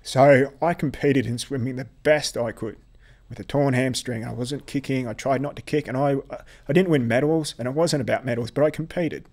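A man from Australia, a podcast guest telling a personal story in a halting way, often repeating words. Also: mid-range voice, a little mellow.

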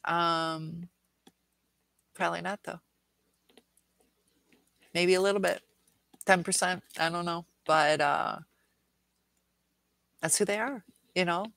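A woman's voice: lowish voice, steady tone, slow pace, creaky, pauses often, fairly bright tone, dry recording, rough recording. Middle-aged woman, livestream Q&A host, earnest, rambling, dry close sound. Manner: earnest and rambling, reads viewer comments aloud. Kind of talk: casual livestream chat.

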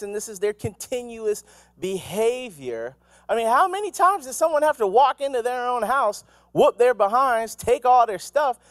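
A male pastor giving an animated, conversational sermon, full of asides and questions to the congregation. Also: sits high, no room sound, studio quality. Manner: animated, conversational preaching with asides and acted quotes. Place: church.

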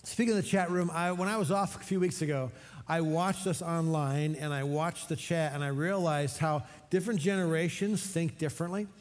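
A middle-aged man preaching a sermon for an online church service, energetic and leading call-and-response. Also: a little high, moderate pace. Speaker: pastor. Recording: long hall reverb.

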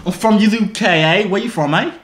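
A man's voice: high voice, lively intonation, brisk, heavy background noise. A man putting on an exaggerated fake British accent, ending his lines with "eh?" during a prank video chat. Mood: cocky, playful. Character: man faking a cheesy British gent. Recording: roomy echoey room.

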